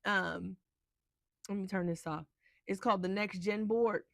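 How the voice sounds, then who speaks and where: A woman's voice: mid-range voice, measured pace, vocal fry, no room sound. A woman vlogger recapping a soap opera in casual chat, acting out each character's lines with slangy asides. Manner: lively storyteller, slips into character voices. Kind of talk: animated casual recap with acted-out dialogue.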